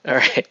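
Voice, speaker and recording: Pushed and bright, the man's voice comes through on a dull, dry, lo-fi recording. He's hosting a relaxed miniature painting tutorial, rambling as he works and frequently tossing in "right?".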